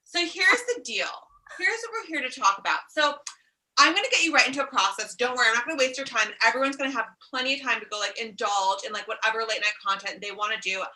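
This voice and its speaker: A woman's voice: on the high side, fast, bright, forceful tone, recorded from a distance, poor audio. A woman life coach on a comedic live stream, talking in a sassy, profane way and calling her listeners darlings. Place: outdoors in a warm country. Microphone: phone live stream.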